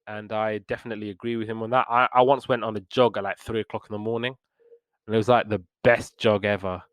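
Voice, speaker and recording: A man with a smooth, clear voice recaps old cartoons in a loose, rambling way, full of fillers and false starts. He sits at a middle pitch, and his sound is dry and close, with no room around it. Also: little pitch movement, fast talker, no room sound. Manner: rambling retelling with many fillers and restarts. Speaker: podcast host reviewing old cartoons. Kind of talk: casual review chat.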